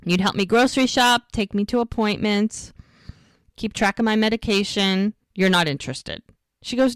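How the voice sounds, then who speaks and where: A woman co-hosting a rewatch podcast, casually retelling scenes and quoting the characters in quick bursts. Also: mid-range voice, no room sound, studio quality. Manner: chatty, quotes characters in quick lively bursts. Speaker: podcast co-host recapping episodes.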